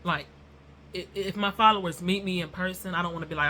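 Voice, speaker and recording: A woman's voice: lowish voice, fairly even intonation, fast, bright, forceful tone, a little hiss or hum. A woman telling a rambling story to her viewers in a casual vlog, chatty and addressing them as y'all. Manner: self-described nervous and non-confrontational. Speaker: YouTuber.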